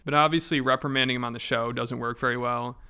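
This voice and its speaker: Gravelly, bright-toned man recapping a story. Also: medium pitch, steady tone, fast talker. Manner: chatty, informal storytelling. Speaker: commentary video host. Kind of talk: casual recapping commentary.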